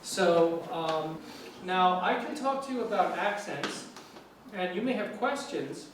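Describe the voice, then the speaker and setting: A man from New York City speaks to a class in an easy, chatty way, stopping often to restart his thoughts. His voice sits slightly high. It comes from a distance in a very echoey room with a faint hiss underneath. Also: slow. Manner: relaxed, chatty, many fillers and restarts. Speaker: guest lecturer on English. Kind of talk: informal classroom talk. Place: university lecture room.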